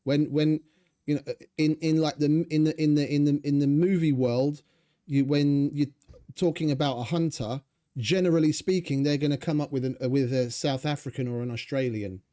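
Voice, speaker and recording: A man's voice: a little high, steady tone, normal speed, mellow. A young man giving rambling, sarcastic, swearing commentary over his gameplay. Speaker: gaming channel host.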